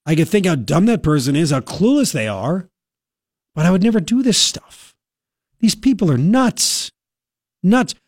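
A man hosting a talk radio program, his voice a bit higher than most men's. He rants with biting sarcasm and indignation. The studio mic sounds close and dry, with no room around it. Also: sing-song, moderate pace, long pauses, darkish tone, dry recording. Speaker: radio talk show host. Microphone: studio microphone.

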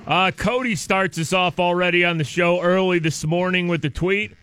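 A male morning radio host in his studio, hyped and excitable, cheering, shouting and tripping over his words in banter. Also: high-pitched, moderate pace, smooth, dry recording. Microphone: studio mic with headphones.

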